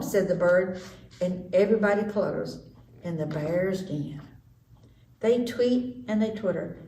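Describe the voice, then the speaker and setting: Woman, story time reader, slow and animated; echoey room, far mic. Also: medium pitch. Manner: slow, expressive, lively storytelling. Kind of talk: children's read-aloud. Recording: echoey room, distant mic, faint noise.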